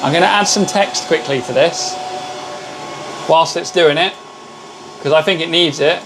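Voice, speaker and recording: A man's voice: on the high side, a little slow. Chatty man over machine hum. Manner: chatty, greets viewers and calls them mate. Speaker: livestream host. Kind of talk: casual live-stream chat. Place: home workshop with laser machines.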